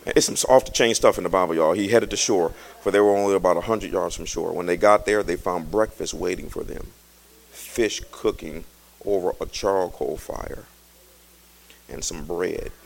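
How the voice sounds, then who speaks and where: A male pastor preaching a sermon in a colloquial, joking way, swinging from quiet talk to shouting. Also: low-pitched, vocal fry. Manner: colloquial, jokes with the congregation.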